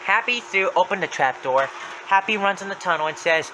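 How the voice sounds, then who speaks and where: A man's voice: sits high, animated, fairly quick, sharp tone, slight background noise, poor audio. A young man retelling a creepy story in a plain, running recap with small slips. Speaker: narrator.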